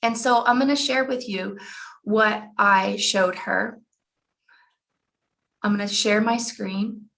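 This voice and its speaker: A woman's voice: medium pitch, fairly even intonation, slow, creaky, long pauses, fairly bright tone. A woman in her forties, a life coach telling a personal story in an earnest way and repeating phrases for emphasis, over a computer mic on an online call.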